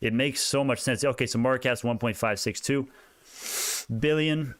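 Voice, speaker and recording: Excitable young man rambling about stocks. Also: mid-range voice, moderate pace, dry recording, studio quality. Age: young adult. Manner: rambling, excitable, drifts onto tangents. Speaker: stock market YouTuber. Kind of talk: casual stock chart commentary.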